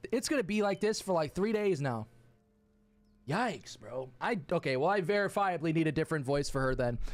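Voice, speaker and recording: A hoarse young man chatting casually and crudely while streaming a game, joking at his own expense. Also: high voice, no room sound. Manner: profane, joking, self-mocking. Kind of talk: casual live gaming stream chat.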